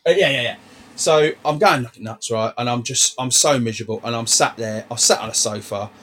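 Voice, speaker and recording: Male host, casual storyteller, sweary and lively, mid voice, faint background noise. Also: mid-range voice, brisk. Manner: animated, swearing, retells dialogue. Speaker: podcast host.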